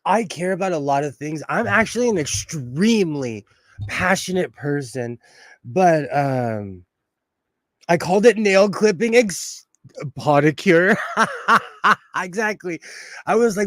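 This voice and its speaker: A man's voice: sits high, slow, long pauses, no echo. Laughing, chatty man on a dry mic. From Los Angeles. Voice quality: bald. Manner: chatty and laughing often, animated storytelling. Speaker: livestream host. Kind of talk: casual chat while sewing.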